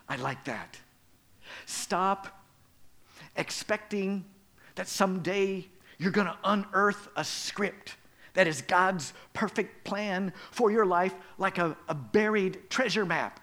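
A man preaching a sermon, swinging between loud emphatic lines and quiet, soft ones. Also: on the high side, expressive, measured pace. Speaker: pastor.

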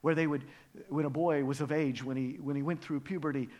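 A man preaching a sermon, telling a story in a dramatic, expressive way. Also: on the high side, brisk. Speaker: pastor.

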